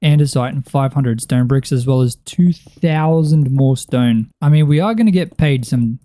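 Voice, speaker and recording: A young man with an Australian accent rambles through casual gameplay commentary, drifting from one thought to the next. His voice is very dark and mellow, recorded close and dry with no room sound. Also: medium pitch, normal speed, dry recording. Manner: chatty, rambling, thinks aloud. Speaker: gaming channel host.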